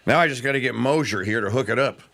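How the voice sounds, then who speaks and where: A man's voice: medium pitch, fast talker, creaky, fairly bright tone. A man hosting a live talk radio show, chatting in a rambling, self-correcting way.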